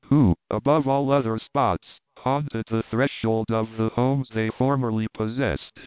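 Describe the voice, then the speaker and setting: A man narrates a classic novel in a measured, formal manner. His voice is clear and smooth, but the sound is narrow and tinny, like a phone line, and completely dry. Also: mid-range voice, no echo. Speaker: audiobook narrator.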